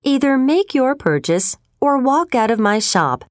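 A woman reading the part of a dry, sharp-voiced male shopkeeper who is impatient and mercenary. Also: high-pitched, very animated, unhurried, dry recording, pitched above the performer's own voice. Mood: curt. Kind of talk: storybook reading.

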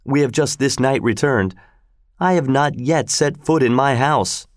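A man's voice: mid-range voice, a little slow, no echo, clean studio sound, pitched above the performer's own voice, natural voice. A man voicing Portia, a witty young noblewoman. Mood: teasing. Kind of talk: storybook read-aloud.

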